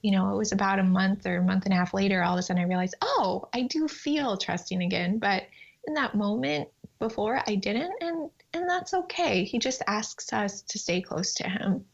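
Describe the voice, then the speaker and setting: A woman guest telling animated stories on a faith podcast, often acting out her prayers in a higher voice. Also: moderate pace, creaky, highs cut off. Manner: animated storyteller, acts out prayers in a high voice. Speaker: guest, time management coach.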